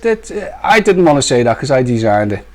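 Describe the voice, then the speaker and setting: A man's voice: medium pitch, very animated, fast, darkish tone. A man with a Black Country accent, co-hosting a live stream in rambling, jokey casual banter and laughing often. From English Midlands. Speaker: co-host of a vaping live stream.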